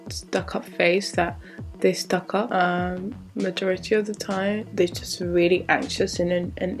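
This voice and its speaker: A woman's voice: medium pitch, a little mellow. A woman in her twenties chatting candidly through a Q&A vlog, drifting into asides as she talks. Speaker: vlogger. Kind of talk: casual Q&A vlog.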